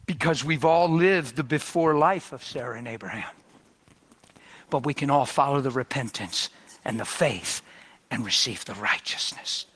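A man preaching a sermon, animated and dramatic, swinging from loud bursts to hushed near-whispers as he acts out the people in his story. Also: medium pitch, measured pace, breathy edge.

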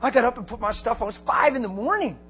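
A man preaching a storytelling sermon, animated and often laughing, breaking into shouts for emphasis. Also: very high voice, fast talker, soft background music.

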